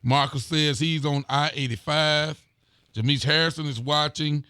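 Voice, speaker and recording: A man's voice: fairly high pitch, fairly even intonation, normal speed, pushed and bright, clean tone, dry recording, studio quality. A man, a sheriff hosting a local live talk show, chatting casually and greeting viewers by name. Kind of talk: casual live-stream chat reading viewer comments.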